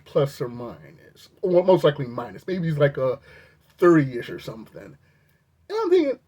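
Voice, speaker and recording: Vlogger recounting an incident to camera; husky, animated, incredulous storyteller. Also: moderate pace. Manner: animated, incredulous, pitch jumps up when outraged. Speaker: video reviewer recounting an incident. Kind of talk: storytime commentary.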